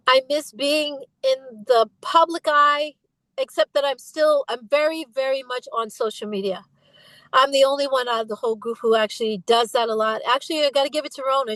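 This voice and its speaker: A woman's voice: a little high, a bit bright, dry recording, rough recording. A middle-aged woman speaking as an interview guest, emphatic and impassioned, slipping into imitations when she retells what others said. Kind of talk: candid interview conversation.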